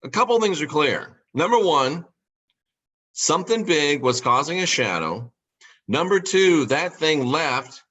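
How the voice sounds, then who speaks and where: A man hosting a podcast, talking through scripture in a monologue, repeating key lines and slowing down to stress words. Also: fairly high pitch, big pitch swings, a bit bright, husky. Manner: rhetorical questions, emphatic repetition. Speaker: podcast host.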